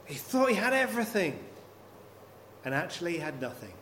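A man's voice: high-pitched, big pitch swings, fairly quick, a bit bright. A man preaching a sermon, working through scripture with repeated rhetorical questions. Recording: long hall reverb, faint noise.

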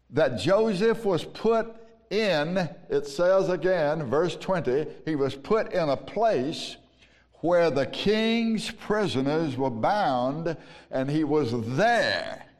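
A Southern American man preaching from the pulpit in a slow, deliberate cadence, his voice sitting a little high. His words ring out with the long reverb of a big church sanctuary. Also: expressive, a little mellow. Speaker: pastor. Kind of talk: sermon. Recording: long reverb of a large hall.

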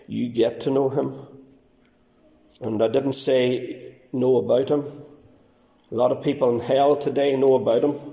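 A man preaching a fervent sermon as pastor, swinging between quiet and raised passages. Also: medium pitch, creaky, echoey room. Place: church.

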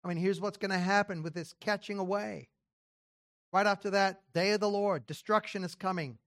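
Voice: mid-range voice, fairly even intonation, moderate pace, a bit bright. A preacher giving an expository sermon, reading scripture aloud and then explaining it in casual spoken phrasing with rhetorical questions. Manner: casual spoken phrasing with occasional throat clearing.

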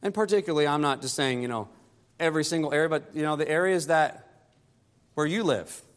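A pastor preaching a sermon, climbing higher and louder to press his points and dropping soft and low to close them. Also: brisk, clear, resonant tone, in a large hall.

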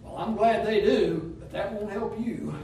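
In a church sanctuary, a man preaches with emphasis, his rising phrases drifting into half-song. His voice sits high and unhurried, gravelly with a dark tone. The distant mic picks up an echoey room and slight background noise.

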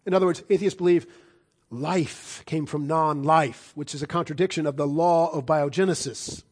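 A middle-aged man preaching a sermon, emphatic, swinging between loud declarations and hushed, low lines. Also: fairly even intonation, normal speed.

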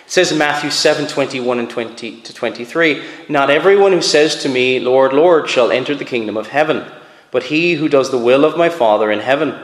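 A man's voice: mid-range voice, brisk. A man preaching a sermon as pastor, earnest and emphatic, repeating phrases for weight. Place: church sanctuary. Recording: echoey hall with long reverb.

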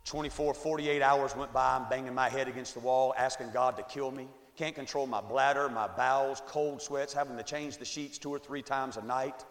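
A man in his forties giving a testimony sermon, swinging from quiet storytelling to shouted climaxes, recorded in an echoey church hall. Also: mid-range voice, fairly even intonation, moderate pace, few pauses. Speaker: evangelist. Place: church sanctuary.

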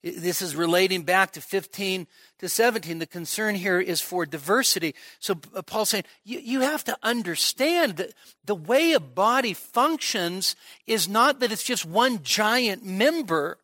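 A man's voice: high-pitched, animated, unhurried, sharp tone, no echo, studio quality. A middle-aged man preaching an expository sermon at a midweek church service, emphatic, often repeating words as he builds a point. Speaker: pastor.

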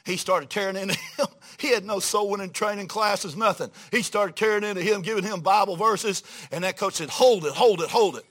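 A high-pitched man with a bright, ringing voice preaches to a church congregation. His delivery is folksy and animated, dropping low for quoted lines and rising to loud, emphatic exclamations. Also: brisk. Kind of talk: storytelling sermon.

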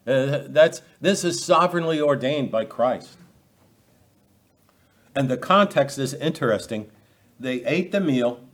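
Guy pastor preaching, chatty, asks questions, keeps repeating words, acts out the quotes. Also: mid-range voice. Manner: conversational preaching with rhetorical questions and acted quotes; repeats words and restarts phrases. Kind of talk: expository sermon.

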